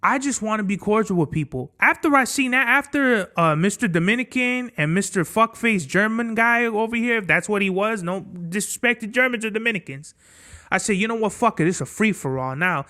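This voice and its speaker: A man's voice: sits high, lively intonation, brisk, sharp tone. A young man hosting his own podcast, telling a vacation story in a casual, blunt and heavily profane way. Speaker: podcast host.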